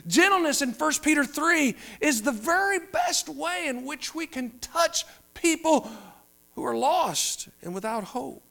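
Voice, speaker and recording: A man preaching a sermon, moving between quiet, drawn-out phrases and louder emphatic ones. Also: very high voice, expressive, gravelly. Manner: preaching with wide swings between soft and loud. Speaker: pastor.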